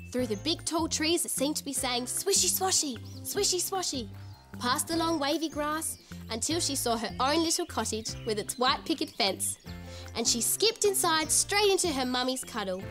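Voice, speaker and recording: Giggly, sing-song woman telling a tale. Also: high-pitched. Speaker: storyteller host. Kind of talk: children's TV storytelling.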